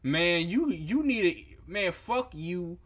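A young man reviewing food photos in a comedic reaction rant, incredulous and profane, breaking into loud outbursts. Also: sits high, animated, takes it slowly.

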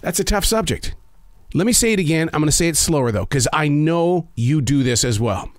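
A man hosting a reflective spoken-essay show from a home studio, talking in a slow, measured, emphatic way with dramatic pauses. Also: fairly high pitch, lively intonation, no echo. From North Carolina. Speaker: podcast host.

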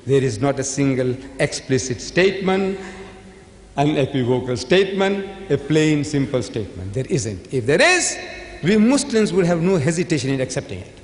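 A man giving a public debate speech in a lively, preacher-like way. He sometimes acts out the voices of the people he quotes. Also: on the high side, moderate pace. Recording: echoey hall with long reverb.

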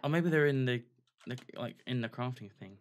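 A man's voice: mid-range voice, a little fast. A young man chatting easily while gaming, often hedging his points. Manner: easygoing, hedging chat. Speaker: gamer co-host. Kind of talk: casual chat while gaming.

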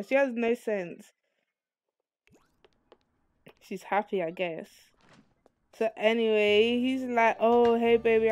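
A woman narrates her life-sim game in casual, excitable commentary, swearing freely as she talks to her viewers. Her voice sits a little high. The sound is dry and close, with no room echo. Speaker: let's play host.

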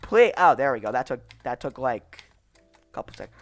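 A channel host narrating their own gameplay with a wildly swinging pitch. The commentary is frustrated and full of swearing, breaking into angry yells. Game music plays underneath. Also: big pitch swings, normal speed. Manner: frustrated, swearing, raging outbursts.

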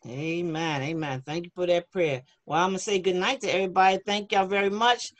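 A woman's voice: fairly low pitch, steady tone, a little fast. A woman leading a children's class over a video call, chatty and encouraging as she reads the chat aloud. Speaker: online youth class leader. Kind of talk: casual online class for kids.

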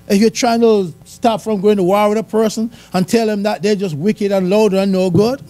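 A man's voice: high voice, dark tone. A man giving a conversational church sermon, asking the congregation questions and chuckling. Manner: conversational, chuckling, asks the audience. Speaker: church speaker. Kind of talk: sermon testimony.

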